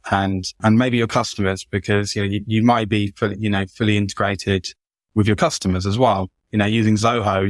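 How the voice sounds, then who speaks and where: Guy, lowish voice, chatty podcast guest, keeps repeating himself, dry sound. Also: no room sound. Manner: chatty, repeats words and restarts a lot. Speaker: guest software consultant. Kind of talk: casual podcast conversation.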